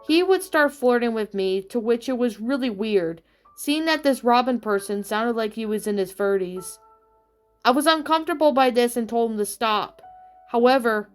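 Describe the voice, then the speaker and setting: A woman's voice: fairly high pitch, normal speed, clear, resonant tone. A young woman in her twenties narrating a true personal story in the first person, in a plain, rambling way with long run-on sentences. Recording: faint background music.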